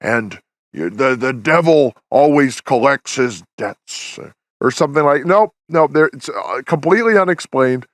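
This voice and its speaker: A man's voice: medium pitch, animated, moderate pace, no echo, studio quality. Chatty man reviewing a film. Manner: rambling, many restarts and fillers. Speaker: podcast host. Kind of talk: casual review chat.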